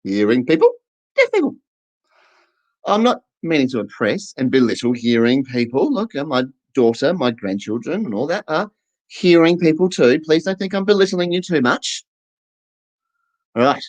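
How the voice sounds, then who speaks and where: A man's voice: fairly high pitch, sing-song, moderate pace, poor audio. A man doing a stand-up comedy set to camera, chatty and playful, acting out little scenes.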